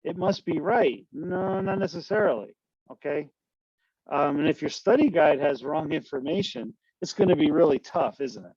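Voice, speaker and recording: Lecturer, slightly high, dry lo-fi sound. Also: male voice, moderate pace, darkish tone, slightly rough, no room sound. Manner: loose, conversational, full of tag questions. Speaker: university lecturer. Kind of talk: casual online class lecture.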